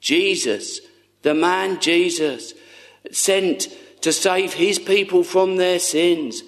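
Slow, tender-voiced male preacher. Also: high-pitched. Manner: earnest, tender, slow with long pauses, often dropping to a hush. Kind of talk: sermon.

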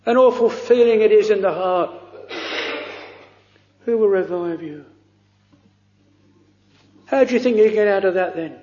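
A man preaching a sermon, slow and fervent, drawing out pleading phrases. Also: high voice, warm tone. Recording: dull lo-fi recording in a reverberant hall.

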